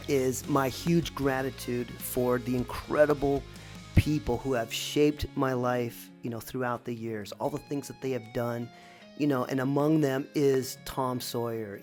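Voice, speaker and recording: Woman with a deep voice for a reflective, meandering personal story; light music underneath. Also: a little mellow. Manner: reflective, rambling, with many restarts.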